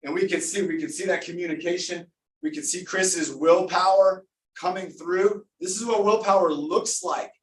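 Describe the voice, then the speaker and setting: A man's voice: high-pitched, fairly even intonation, moderate pace, echoey room, far from the mic, a little hiss or hum, poor audio. A man leading a live online workout class as coach, upbeat and encouraging, calling out names and counting down reps. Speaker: fitness coach.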